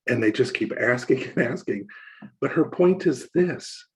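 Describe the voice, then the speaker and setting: A male minister telling a personal story in a relaxed, conversational sermon, acting out the voices of the people he quotes. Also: medium pitch, unhurried, husky, rough recording.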